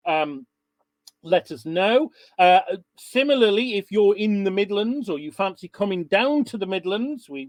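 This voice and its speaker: A man's voice: sits high, a little mellow, dry recording. A man hosting an online webinar over a video call, chatty and informal as he greets attendees. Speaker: webinar host.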